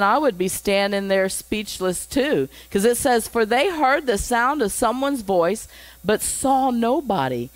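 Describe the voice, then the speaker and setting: A woman's voice: mid-range voice, no echo, low-quality recording. A woman pastor teaching a Bible lesson, reading scripture aloud and breaking off for chatty asides and chuckles.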